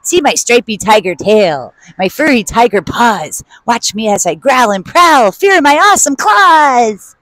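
A woman's voice: a little high, big pitch swings, a little slow, fairly bright tone, dry recording. A woman voicing a small house cat who boasts that he is a fierce tiger, with exaggerated roaring. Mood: boastful.

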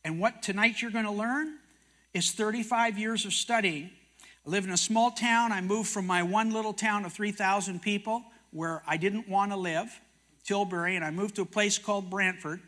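A man's voice: high-pitched, steady tone, moderate pace, fairly bright tone. An older man from Canada, a prophecy teacher and TV host, telling stories sermon-style and acting out dialogue. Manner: folksy storyteller, acts out dialogue in quotes. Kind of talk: sermon-style storytelling talk.

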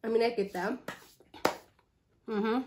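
A South African woman in her twenties chats casually over a meal. Her voice sits a little high, she has a flu and a cough, and she talks in a lively way, switching between languages mid-sentence. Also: takes it slowly, slight background noise. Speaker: vlogger. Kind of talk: storytime chat over a meal.

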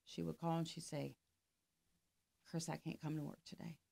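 A woman's voice: low-pitched, flat delivery, normal speed, gravelly, mellow. A middle-aged woman, a life coach, telling a story in casual conversation and acting out both sides of the dialogue. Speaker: podcast guest, life coach.

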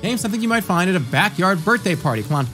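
A man in his thirties streams a quiz game at a desk mic, his slightly high voice swinging wildly as he jokes and reads out chat answers. Faint game music plays behind him. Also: sing-song, rapid-fire, fairly bright tone. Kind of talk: casual livestream commentary.

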